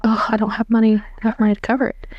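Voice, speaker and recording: A woman's voice: on the high side, flat delivery, rapid-fire, no room sound, muffled recording. A woman, a podcast guest, earnestly telling her personal faith story and quoting the people around her. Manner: earnest, chatty, quotes herself and others often. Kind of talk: emotional personal testimony.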